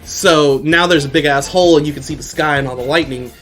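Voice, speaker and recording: A man's voice: on the high side, fast talker, a bit bright, faint music behind. A young man hosting a podcast, casually recapping an anime episode in a rambling, profane way and laughing often. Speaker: podcast host.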